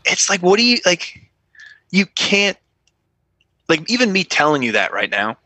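A man's voice: high voice, measured pace, no room sound. Profane New man telling cop stories. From New York. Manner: profane, animated, acts out dialogue. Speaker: guest, former police officer. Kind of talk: casual podcast storytelling.

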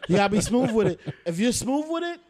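A man's voice: high-pitched, sing-song, fast talker, darkish tone. A man co-hosting a casual chat with friends, teasing and acting out quotes in a playful manner.

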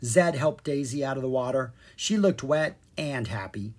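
Lively, husky storybook narrator. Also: medium pitch, normal speed. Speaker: audiobook narrator.

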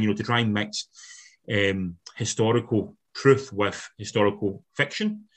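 A man's voice: on the low side, normal speed, a bit bright. A man co-hosting a casual film review chat, giving long, analytical critiques with sweary asides. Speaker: film podcast co-host.

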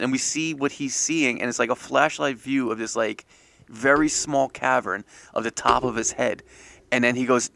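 A man co-hosting a comedy podcast, improvising a horror movie plot and acting out the characters with sudden high yells. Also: fairly even intonation, moderate pace, vocal fry, no echo. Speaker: podcast co-host.

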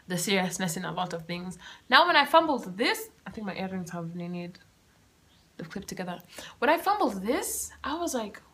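A young woman, hosting a podcast and telling a personal story in a chatty, animated way with asides and laughter. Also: mid-range voice. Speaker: podcast host. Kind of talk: casual storytelling monologue. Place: home room with open windows.

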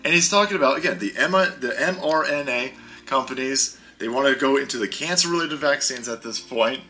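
A man's voice: mid-range voice, a little fast, bright, forceful tone, faint music behind. A man hosting a podcast, delivering a heated, sarcastic and profane rant. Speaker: podcast host. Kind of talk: ranting podcast commentary.

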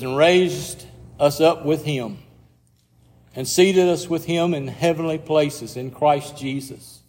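A man preaching a sermon as pastor, slow and reflective, sometimes dropping almost to a whisper. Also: on the high side, darkish tone, big-room sound.

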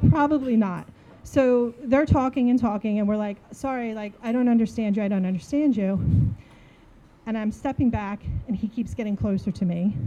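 A woman in her forties from New Jersey, telling a funny story in a casual, animated way and acting out the dialogue. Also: on the high side, highs cut off, a little hiss or hum. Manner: animated, acts out dialogue, laughs while telling.

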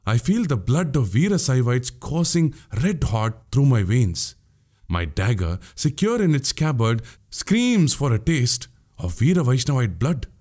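A man's voice: mid-range voice, very animated, a little slow, a little mellow. A man voicing a witty, boastful young male warrior in an audiobook, speaking grandly. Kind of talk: audiobook character voice.

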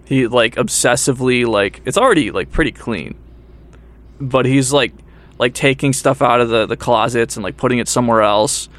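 A man's voice: mid-range voice, normal speed, a bit bright. A young man telling a story in casual podcast chat, acting out what people said, laughing often and swearing freely. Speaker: podcast co-host.

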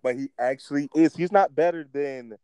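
A man's voice: fairly high pitch, moderate pace, smooth, no echo, rough recording. Rambling young man talking wrestling. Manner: animated, rambling, with restarts and fillers. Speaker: podcast co-host. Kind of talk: casual wrestling chat.

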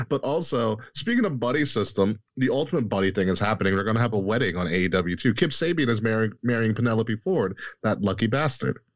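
A man's voice: fairly low pitch, a little fast, dry recording, highs cut off. A man co-hosting a casual wrestling podcast, laughing often and steering the talk between topics. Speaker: podcast co-host.

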